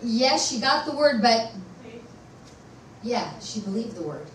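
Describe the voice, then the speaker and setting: A woman pastor preaching a sermon at a conference, animated and asking her listeners questions. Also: a little high, slow pace, a little hiss or hum. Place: church conference hall. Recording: echoey room, voice from far off.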